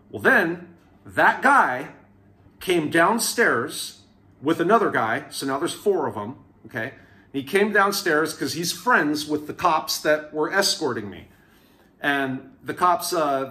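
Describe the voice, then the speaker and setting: A man's voice: fairly high pitch, moderate pace. A man telling his own prison stories to camera in a casual, candid way, acting out the people he quotes. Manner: candid, animated retelling with quoted voices.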